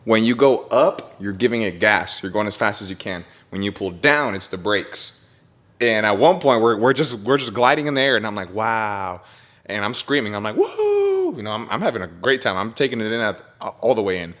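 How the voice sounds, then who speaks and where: Excitable young man telling a wild story. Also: lowish voice, brisk. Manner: excited storytelling, swears and laughs a lot. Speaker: podcast host. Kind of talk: casual chat.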